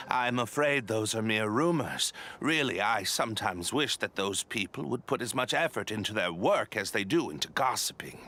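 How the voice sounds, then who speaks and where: An actor playing a polite but scheming male expedition leader, courteous and flattering with a sly edge, in a video game. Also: lowish voice, normal speed, faint music behind. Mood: dismissive. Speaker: expedition organizer.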